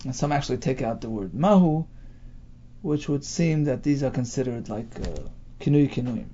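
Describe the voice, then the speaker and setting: A man's voice: mid-range voice, lively intonation, normal speed, warm tone, a little hiss or hum. A man teaching a daily Talmud class, reading phrases of the text and explaining them in casual English as he asks and answers his own questions. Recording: dull lo-fi class recording.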